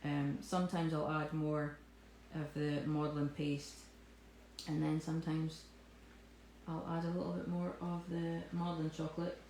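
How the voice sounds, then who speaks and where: A woman with a lower voice runs a live cake tutorial, chatting and joking at her own expense as she works. Her voice rings in a roomy studio with faint ambience in the background. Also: flat delivery, normal speed, a little mellow, a little hiss or hum. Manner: jokey, self-mocking, chatty. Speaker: cake decorating instructor. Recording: echoey room with faint ambience.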